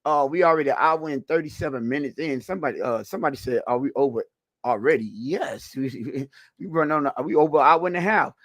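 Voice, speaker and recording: A man's voice: fairly high pitch, quick pace, no echo. A man co-hosting a live-streamed football talk show, chatting loosely with viewers and laughing often. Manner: loose, rambling, with restarts. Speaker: podcast co-host on a live stream. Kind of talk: casual live-stream chat.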